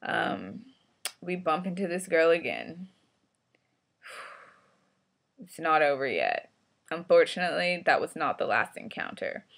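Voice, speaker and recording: A woman's voice: sits low, sing-song, slow, gravelly, pauses often. A woman vlogger telling a story in a casual, blunt, profane and frustrated way.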